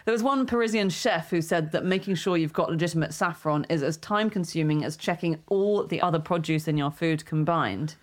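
A woman's voice: low-pitched, brisk, few pauses. Breezy woman, joking. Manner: breezy, joking, laughs often. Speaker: podcast co-host. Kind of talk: casual chat.

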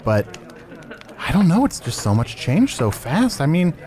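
Male improv comedy host, animated pitch, playful, easily flustered. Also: a little slow. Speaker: podcast host.

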